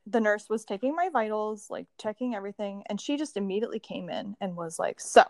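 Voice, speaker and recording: A woman shares a personal story as a podcast guest, casual and expressive, slipping into other people's voices as she quotes them. Her voice sits in an ordinary middle pitch. The recording is dry and close, with no room sound. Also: fairly quick, no room sound. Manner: expressive, laughs often, acts out quoted dialogue.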